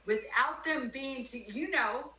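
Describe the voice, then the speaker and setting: An older woman, a former pro wrestler and podcast guest, telling stories in animated casual chat. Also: high voice, slow pace. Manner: animated storyteller. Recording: echoey room, distant mic, faint noise.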